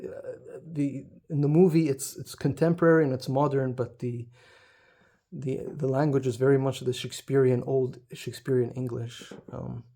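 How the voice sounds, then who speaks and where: Mellow, hesitant man chatting about books. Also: mid-range voice. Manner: hesitant, many ums and restarts, laughs often. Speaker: book video creator. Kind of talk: casual book talk to camera.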